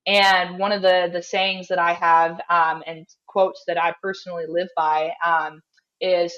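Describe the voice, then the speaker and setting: Upbeat woman, low voice, dull audio. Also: level tone, measured pace, a bit bright. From Canada. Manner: upbeat, chatty, fillers like "like". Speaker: strength and conditioning coach. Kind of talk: casual interview chat.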